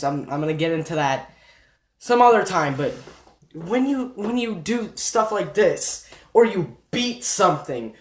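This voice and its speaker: A young YouTube commentator ranting in an exasperated, sarcastic and rambling way, often restarting sentences. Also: medium pitch. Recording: echoey room.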